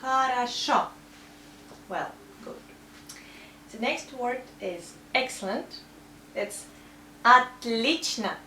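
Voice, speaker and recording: A woman with a Russian accent teaching a language lesson, saying example words slowly and carefully. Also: a little high, animated, a bit bright, far from the mic. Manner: careful, drawn-out demonstration of words. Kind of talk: slow spoken language lesson. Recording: echoey room, voice from off mic, faint hum.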